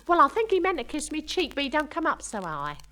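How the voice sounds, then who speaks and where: Woman putting on a breathless young working-class girl gossiping about her night out at the dance, rough slangy grammar, lively and fairly high voice, reeling off a comic monologue on a vinyl record. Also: fast, slight background noise, full character voice, low-quality recording. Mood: gossipy. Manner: ungrammatical cockney-style chatter, "we done", "I says".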